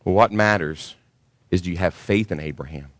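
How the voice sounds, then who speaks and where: A man's voice: low voice, normal speed, no room sound. A man pastor delivering a sermon to his congregation, preaching emphatically and rising sharply when he stresses a point.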